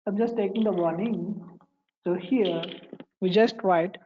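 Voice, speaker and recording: A woman walking through a coding tutorial, pausing and repeating phrases as she types. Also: mid-range voice, highs cut off, noisy background. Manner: halting, repeats phrases while typing. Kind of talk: screen-recorded coding tutorial.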